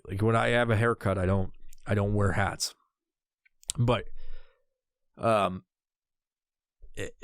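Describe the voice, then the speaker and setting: A man's voice: medium pitch, fairly bright tone, dry recording. A man hosting a podcast, ranting casually and profanely through a headset mic, rambling with many restarts. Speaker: podcast host.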